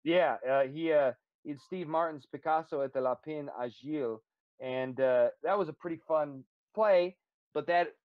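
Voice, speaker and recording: A man's voice: a little high, moderate pace, dry recording, phone-quality sound. Chatty comedian man, dry close sound. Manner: animated storyteller, rambling with fillers. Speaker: stand-up comedian guest. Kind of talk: casual interview chat.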